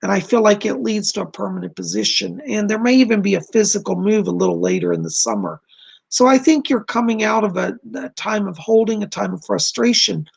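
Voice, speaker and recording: A man doing live psychic readings on a stream, talking in a gentle, reassuring, chatty way to his viewers, and his voice is going hoarse. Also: high-pitched, animated, brisk. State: losing his voice.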